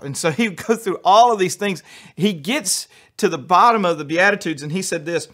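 Pastor, man, upbeat storyteller, slightly high voice. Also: fairly bright tone. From United States. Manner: humorous, quick storytelling with acted-out quotes. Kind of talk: sermon.

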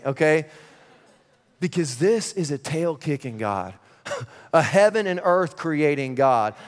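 A male pastor in his thirties delivers a lively sermon, his fairly high voice ringing with long reverb through a large hall. He moves between loud, playful stretches and quiet, earnest passages. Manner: energetic, swings from loud and playful to hushed and earnest.

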